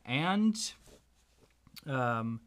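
A man gently making up a bedtime story for his child, pausing as he thinks of what comes next. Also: mid-range voice, sing-song, noisy background. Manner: gentle, unhurried, makes the tale up as he goes. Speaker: parent telling a story.

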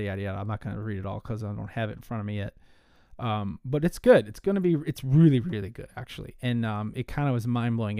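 A man's voice: mid-range voice, dark tone, dry recording, clean studio sound. A man hosting a casual whiskey podcast, rambling with frequent fillers and restarts, a little out of breath. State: slightly out of breath.

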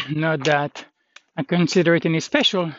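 A man walking outdoors on a hilly trail, talking in a rambling, halting way with lots of fillers as he vlogs his pilgrimage. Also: a little high, fairly bright tone. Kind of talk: casual walking vlog. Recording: dull lo-fi with faint noise.

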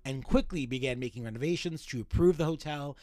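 A man's voice: fairly high pitch, fast, darkish tone, no echo. A man co-hosting a casual podcast, telling a history story in a chatty, joking way. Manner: chatty, jokey, self-deprecating narrator. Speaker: podcast co-host.

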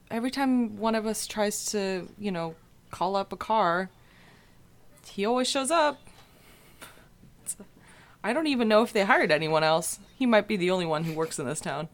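A woman at a tabletop game chats playfully, her pitch swinging up and down as she talks. She sounds casual and lively around the table. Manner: animated, playful, quick to laugh. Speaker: player. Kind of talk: casual chat.

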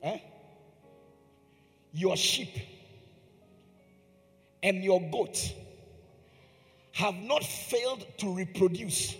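Emphatic, gravelly male preacher in echoing hall. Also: sits high, sharp tone. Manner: emphatic, repeats phrases, questions the congregation. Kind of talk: sermon.

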